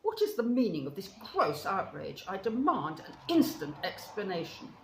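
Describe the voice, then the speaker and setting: A woman's voice: mid-range voice, sing-song, moderate pace. A woman voicing a vain, boastful male toad in a storybook reading, with hearty bluster and stammering indignation. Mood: indignant. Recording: roomy with faint hiss.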